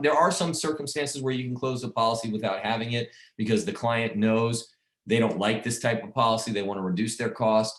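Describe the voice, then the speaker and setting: A man's voice: fairly low pitch, roomy sound. A man casually coaching insurance agents on sales calls, rambling and repeating himself as he talks. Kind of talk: casual sales training talk.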